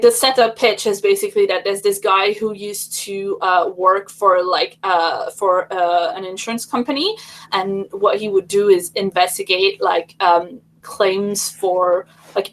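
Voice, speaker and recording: A woman's voice: medium pitch, a bit bright, rough recording. Chatty woman host on a craft stream, rambles, lots of um and like. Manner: rambling, many fillers and restarts. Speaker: livestream host. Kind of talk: casual chat.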